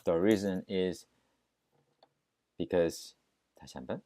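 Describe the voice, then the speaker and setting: A man with a Korean accent teaching English, echoing English lines slowly and then explaining them quickly in Korean. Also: sits low, dark tone. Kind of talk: language lesson, repeating and explaining phrases.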